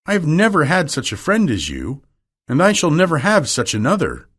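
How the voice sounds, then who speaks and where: A man's voice: fairly high pitch, wildly swooping pitch, moderate pace, fairly bright tone, breathy edge, pitched above the performer's own voice, exaggerated voice. A man reading aloud and voicing a vain young man in despair, speaking in a pleading, emotional way. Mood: anguished.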